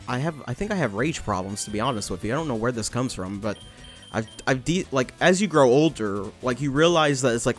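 Animated, cursing young man gaming. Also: medium pitch, moderate pace, soft background music. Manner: animated, profane, rambling, shouts at the game. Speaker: gaming channel host. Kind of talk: let's play commentary.

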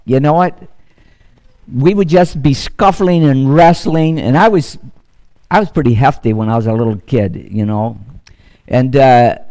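A man's voice: mid-range voice, a little mellow. A man pastor preaching a sermon, repeating key phrases and building emphasis as he exhorts the congregation. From United States.

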